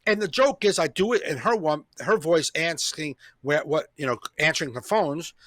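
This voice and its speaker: Bright-voiced male comedian host. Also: fairly high pitch, normal speed, no room sound. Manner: storytelling, profane, with restarts. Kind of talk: casual chat.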